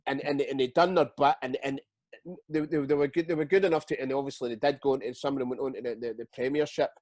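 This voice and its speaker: A Scottish man in his forties, a guest telling stories in a casual interview, halting and repeating words as he goes. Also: medium pitch, no echo. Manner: lively storyteller. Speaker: guest, retired footballer.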